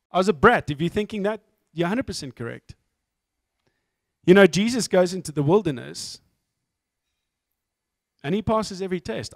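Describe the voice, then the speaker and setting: A man's voice: sits high, dry recording, studio quality. A middle-aged man from South Africa with a South African accent, giving a candid, self-mocking testimony talk as a guest speaker.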